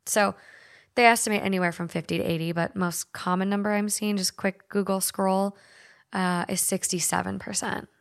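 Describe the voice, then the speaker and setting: A woman's voice: medium pitch, fairly even intonation, moderate pace, vocal fry. A woman from Minnesota hosting a podcast, chatting loosely and reading stories aloud, with lots of "like" and frequent swearing. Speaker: podcast host.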